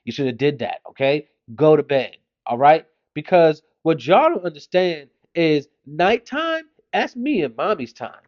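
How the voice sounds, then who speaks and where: A man's voice: on the high side, a little mellow, dull audio. A man in his thirties, a father doing an exasperated comedic monologue about his kids.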